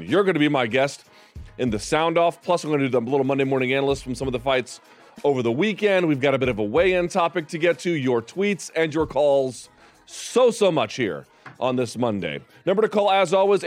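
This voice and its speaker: A man hosting a sports talk show, chatty and upbeat with jokes. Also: mid-range voice. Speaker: podcast host.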